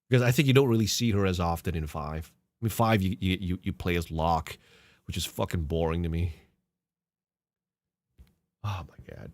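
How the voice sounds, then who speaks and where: A man hosting a casual podcast, reacting to clips in a sarcastic, mocking way. He swears freely and often laughs. His voice sits a little low and sounds dry and close to the mic. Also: no room sound. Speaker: podcast host.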